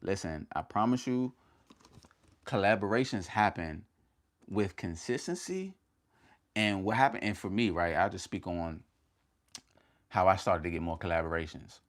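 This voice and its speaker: A man with a fairly low voice hosts a casual motivational livestream. He is energetic and slangy, calls his viewers fam and talks in short punchy bursts. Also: moderate pace, pauses often. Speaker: motivational YouTuber hosting a livestream.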